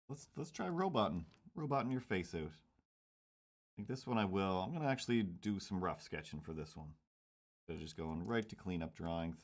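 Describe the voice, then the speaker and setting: A man casually thinking aloud as he draws cartoons, rambling with lots of fillers. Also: low-pitched. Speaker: cartoonist drawing on stream. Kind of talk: casual running commentary while drawing.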